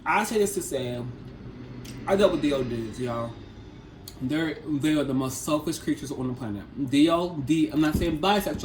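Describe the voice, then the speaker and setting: A man's voice: medium pitch, darkish tone. A man in his twenties telling a personal story in a casual vlog, rambling and repeating himself with lots of fillers. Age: 20s. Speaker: vlogger. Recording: echoey room, faint background noise.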